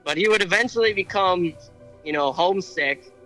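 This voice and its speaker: A man's voice: sits high, moderate pace, sharp tone, faint music behind, rough recording. A man co-hosting a podcast, retelling an old legend in casual chat, with many fillers and restarts. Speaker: podcast co-host. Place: airborne helicopter.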